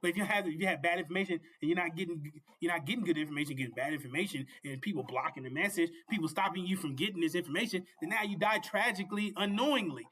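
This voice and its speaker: A man's voice: fairly high pitch, rapid-fire, hardly any pauses, breathy edge. A man hosting a show and giving a fervent, informal sermon, repeating himself and often asking his listeners if they see. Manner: fervent, repetitive, often asks "You see?"; laughs and shouts at peaks. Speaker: preacher and show host.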